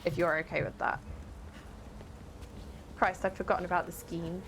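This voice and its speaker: Chatty and relaxed, this woman streams a game live, reads her viewers' messages out loud, and reacts to what happens on screen. She speaks at a normal speed in a fairly low, steady voice, and there's a little hiss or hum.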